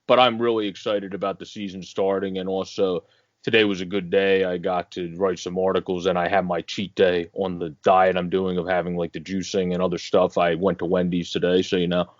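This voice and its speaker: A man co-hosting a sports podcast, relaxed and rambling, with many fillers. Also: low voice, fairly quick, no room sound, muffled recording. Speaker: podcast co-host. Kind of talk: casual sports podcast chat.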